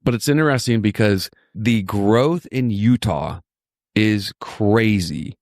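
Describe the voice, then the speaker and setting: A man's voice: lowish voice, slow pace, a little mellow, dry recording, studio quality. A man from Virginia, a podcast host, chatting casually and telling stories with enthusiasm and plenty of repetition. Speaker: injury lawyer, podcast host.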